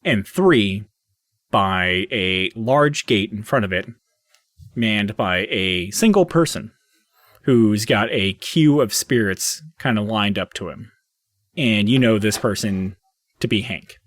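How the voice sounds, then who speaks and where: A man's voice: lowish voice, slow, fairly bright tone, dry recording. A man narrating as game master in a loose, hesitant way with many fillers.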